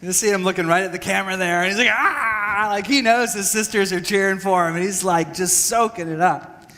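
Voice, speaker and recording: A man from Texas tells his family's story to a church audience in a candid, self-deprecating way, full of fillers and restarts. His voice sits a little high. The sound carries the long reverb of a large hall. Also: fairly quick, sharp tone. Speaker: speaker at a church parenting session. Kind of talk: personal talk to an audience.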